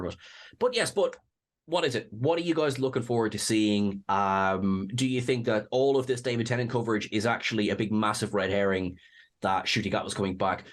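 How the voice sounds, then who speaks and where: A man co-hosting a casual discussion, jokey and chatty, talking straight to viewers. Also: fairly low pitch. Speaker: co-host.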